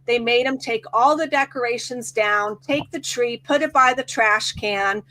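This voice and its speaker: A woman's voice: fairly high pitch, measured pace, pushed and bright. A middle-aged woman, a hypnotherapist guest, animatedly telling a client story and acting out the quoted voices. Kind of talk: storytelling in casual chat.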